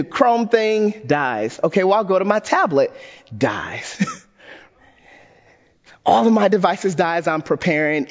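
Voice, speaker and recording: High-voiced man preaching in echoey hall. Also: lo-fi sound. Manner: animated storytelling with self-deprecating humor. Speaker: pastor. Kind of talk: sermon.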